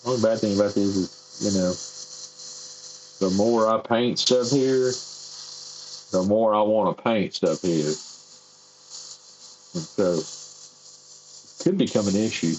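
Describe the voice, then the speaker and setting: An airbrush artist livestreams from his home workshop, chatting and rambling in an easygoing, self-deprecating way as he paints. His voice is fairly low, slow, with long pauses, and the audio is dull with a noisy background.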